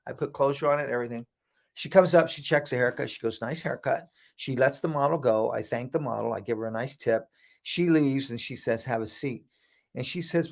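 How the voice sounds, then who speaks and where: In this storytelling interview, a gravelly middle-aged male guest speaks with a mid-range voice at normal speed. He's an animated storyteller who performs the voices of the people he quotes.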